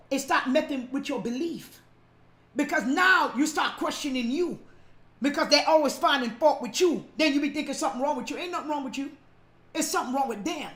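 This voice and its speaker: A woman pastor preaching a sermon, repeating lines for emphasis and shouting the key points. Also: sits high, reverberant.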